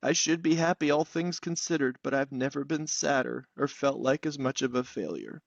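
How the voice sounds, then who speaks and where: A man's voice: medium pitch, moderate pace, vocal fry, dry recording, muffled recording. A man, hosting a podcast and telling a personal story candidly, with casual swearing. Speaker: podcast host.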